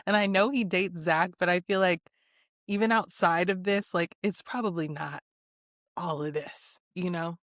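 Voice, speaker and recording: A woman's voice: lowish voice, normal speed, fairly bright tone, no room sound, clean studio sound. A woman guesting on a podcast, giving giggly, casual commentary on a reality show. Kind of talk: casual pop-culture chat.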